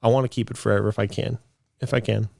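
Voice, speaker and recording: A man's voice: lowish voice, fairly even intonation, fast, vocal fry, darkish tone, dry recording, clean studio sound. A man in his late twenties co-hosting a podcast, telling a rambling story in casual chat, with lots of restarts. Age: late 20s. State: a bit out of breath. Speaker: podcast co-host.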